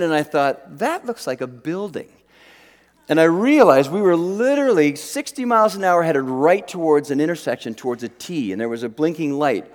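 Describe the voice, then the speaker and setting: A middle-aged man preaching a sermon, telling stories with lively acted-out quotes and frequent restarts. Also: a little high. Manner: animated storyteller, acts out quotes, frequent restarts. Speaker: pastor. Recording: long hall reverb.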